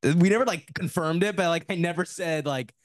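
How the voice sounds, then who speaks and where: A man's voice: fairly high pitch, a little fast, no echo, studio quality. A man as a podcast guest, chatting casually in a laid-back, rambling way full of "like".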